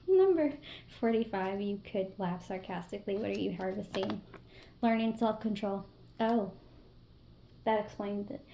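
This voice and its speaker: A woman's voice: mid-range voice, dark tone, roomy sound. A woman giving a casual, playful tarot-style reading to her viewers, with teasing asides. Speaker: tarot reader.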